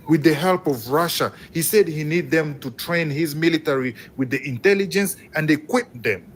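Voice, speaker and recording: A man from Congo, calling in to a live stream with impassioned, emphatic commentary. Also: fairly high pitch. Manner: fervent, emphatic, rising with excitement. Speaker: caller. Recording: faint background noise.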